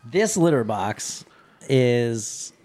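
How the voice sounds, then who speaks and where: A man joining a casual podcast chat, speaking slowly and laughing. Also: medium pitch, very animated, a little mellow.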